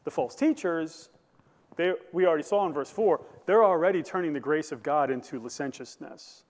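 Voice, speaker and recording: A man's voice: a little high, moderate pace, long reverb tail. A male pastor preaching a sermon, building to emphatic bursts and asking the congregation questions. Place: church sanctuary.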